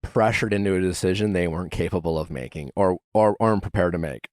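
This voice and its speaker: A man's voice: low voice, quick pace, darkish tone, no echo, studio quality. A man hosting a podcast, chatting casually and rambling with lots of fillers and restarts. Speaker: podcast host. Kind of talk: casual chat.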